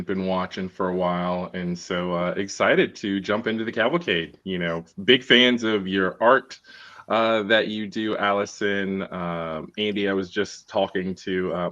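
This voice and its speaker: A man's voice: low-pitched, a bit bright. A man joining a live stream as a guest, friendly and easygoing, with many hesitant fillers. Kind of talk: casual live-stream chat. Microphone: video call mic. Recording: dull lo-fi stream audio.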